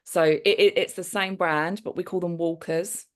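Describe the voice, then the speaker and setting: A middle-aged woman with a London accent chatting as a podcast guest. Her voice sits slightly low and she talks in easy, rambling bursts full of fillers. She laughs often as she explains things. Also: steady tone, normal speed. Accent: British, London. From United Kingdom. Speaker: guest, TV producer. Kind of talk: casual interview chat.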